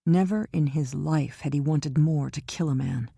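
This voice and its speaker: A woman narrating a crime thriller audiobook in a steady storytelling manner. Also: deep voice, moderate pace, creaky, slightly rough, dry recording, studio quality.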